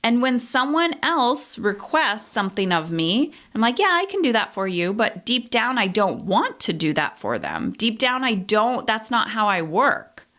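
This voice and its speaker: A woman's voice: fairly high pitch, big pitch swings, a little slow, few pauses, a bit bright. A woman in her thirties hosting a solo podcast, talking through her feelings in a candid, introspective way and swearing casually. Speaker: podcast host. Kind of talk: reflective solo podcast talk.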